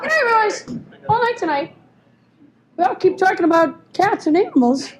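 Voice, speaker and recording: A woman's voice: very high-pitched, big pitch swings, normal speed, poor audio. A woman doing a chatty, sarcastic stand-up set on a club stage. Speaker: stand-up comedian. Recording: faint club noise. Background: audience laughter.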